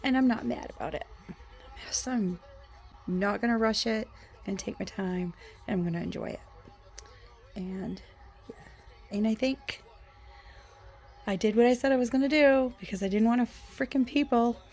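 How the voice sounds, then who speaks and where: A woman chatting casually at home in a book vlog, soft-spoken and often half-whispering. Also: fairly high pitch, moderate pace, pauses often. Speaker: book vlogger.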